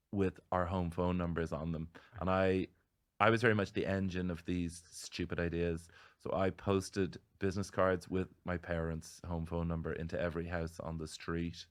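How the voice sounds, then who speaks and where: An Irish man, a comedian guest on a podcast, telling stories in casual, animated chat. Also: sits low, clean tone. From Ireland. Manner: animated storytelling with laughs.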